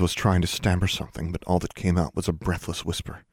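A man reads a novel aloud in a measured, even storytelling way, his voice sitting deep in the low range. The sound is dry and close, with no room echo at all. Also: husky. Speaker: narrator. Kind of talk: audiobook narration.

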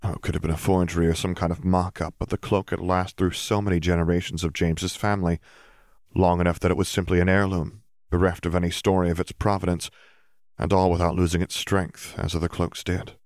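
A man narrating a fantasy story in a steady, even reading. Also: sits low, brisk, no room sound, clean studio sound. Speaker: audiobook narrator. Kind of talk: fan fiction audiobook reading.

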